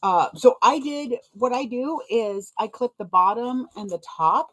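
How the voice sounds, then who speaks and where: A woman's voice: on the high side, expressive, a little slow. A young adult woman chatting casually while sewing, rambling and self-deprecating, laughing often and wincing from a sore foot. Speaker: sewing vlogger.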